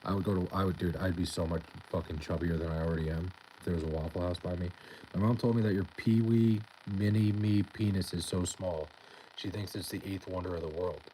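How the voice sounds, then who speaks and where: Young man, very low voice, laid-back, deadpan, swears a lot, faint background noise. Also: brisk, poor audio. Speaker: live streamer reading chat. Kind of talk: casual live-stream chat.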